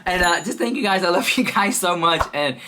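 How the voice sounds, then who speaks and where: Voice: mid-range voice, lively intonation, brisk, sharp tone, a little hiss or hum. A host chatting casually through gossip commentary, talking straight to viewers and calling them "girl" again and again.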